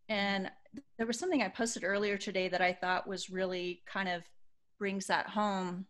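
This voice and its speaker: A woman in her fifties talks in a soft, reflective way over a video call, pausing often and filling gaps with little fillers. Her pitch sits in the middle and barely moves, so she sounds even and level throughout. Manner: soft-spoken, reflective, many pauses and fillers. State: emotional, choking up. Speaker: astrology panelist.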